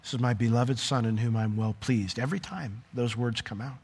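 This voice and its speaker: A man preaching a sermon in a conversational, animated way, with asides to the congregation. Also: mid-range voice, brisk, breathy edge, big-room sound. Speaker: pastor.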